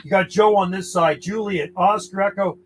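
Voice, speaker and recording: A man's voice: high voice, moderate pace, heavy background noise. A man working a CB radio, calling out call signs in a friendly, easygoing way. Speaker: CB radio operator.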